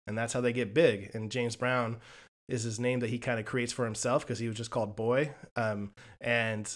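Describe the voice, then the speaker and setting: A man's voice: medium pitch, normal speed. A man co-hosting a podcast, retelling a film in a casual chat and acting out the quoted lines. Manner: animated storytelling with quoted lines. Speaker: podcast co-host reviewing films.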